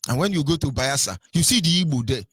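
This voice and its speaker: A man's voice: a little high, animated, fast, fairly bright tone, breathy edge, no room sound. A man with a Nigerian accent giving impassioned radio commentary, scolding his listeners with repeated rhetorical questions and stumbling over fillers.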